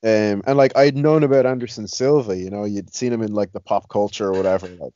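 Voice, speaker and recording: A man's voice: on the low side, fairly even intonation, fairly quick, dark tone, no echo. A man chatting casually about fights, rambling with many restarts and "you know". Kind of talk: casual chat. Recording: dry, slightly dull lo-fi sound.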